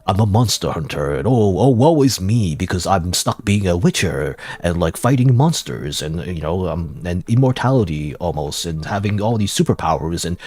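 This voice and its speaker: A man's voice: deep voice, expressive, normal speed, hardly any pauses, a little mellow, husky, no echo. A man doing a mocking impression of a self-pitying male monster hunter, all sighs and whiny complaints.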